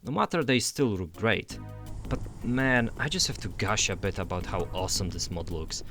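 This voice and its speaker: A man's voice: lowish voice, normal speed, a bit bright, faint music behind. A young man narrating a scripted game review voice-over in an enthusiastic, conversational way.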